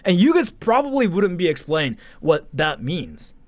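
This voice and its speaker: A young man from Japan, chatting casually on a livestream, animated and swearing, stopping to thank donors. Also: high voice, measured pace, no room sound. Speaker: streamer.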